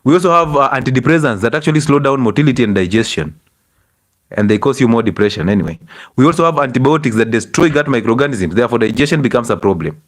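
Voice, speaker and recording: A middle-aged Kenyan man speaking English, lecturing an audience on health like a doctor. He scolds with pointed rhetorical questions and talks in an animated way. His voice sits at an ordinary male pitch. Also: quick pace. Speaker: doctor giving a health talk.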